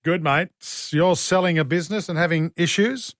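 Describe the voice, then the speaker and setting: A man's voice: fairly high pitch, a bit bright, no room sound, clean studio sound. A man hosting talkback radio with an Australian accent, chatty and joking, taking calls from listeners. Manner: chatty, joking, quick to laugh. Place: radio studio.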